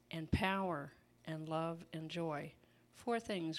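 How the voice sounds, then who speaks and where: A woman's voice: mid-range voice, measured pace, hardly any pauses. A woman preaching an informal sermon in a chatty, folksy way, laughing often and breaking into asides.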